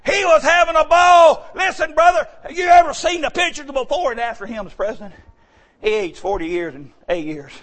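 A man preaches a sermon in a very high voice. He talks in a folksy, emphatic way and often breaks into shouts. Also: normal speed. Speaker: pastor.

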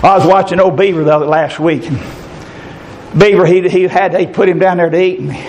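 A middle-aged preacher with a very high voice, folksy and fervent. He speaks straight to his congregation, often calling people by name. A faint hiss runs under him. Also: fairly even intonation, brisk, darkish tone. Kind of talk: sermon.

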